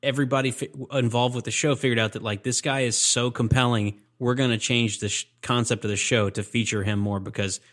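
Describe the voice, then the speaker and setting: Male podcast co-host, rapid casual rambler, mid-pitched voice. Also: fairly even intonation, a bit bright. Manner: laid-back, rambling, lots of "like" and "dude". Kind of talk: casual chat.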